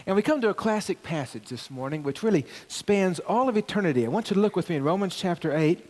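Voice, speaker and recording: Animated, lively-voiced male pastor preaching. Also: high-pitched, fast. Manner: animated preaching, rising emphasis on key phrases. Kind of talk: sermon.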